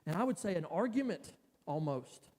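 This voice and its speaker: A man tells his own story from the pulpit, his voice sitting a little high for a man and often catching as he speaks. The delivery is emotional and halting, with stops and restarts. His words ring out with a long reverb from a big church hall. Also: very animated, a little mellow. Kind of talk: personal testimony sermon. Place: church sanctuary.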